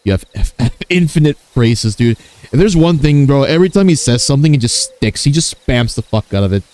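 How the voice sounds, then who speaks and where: A man's voice: mid-range voice, animated, fairly quick, a little mellow. A man chatting casually on his gaming stream, joking crudely and swearing freely. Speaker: VTuber streamer.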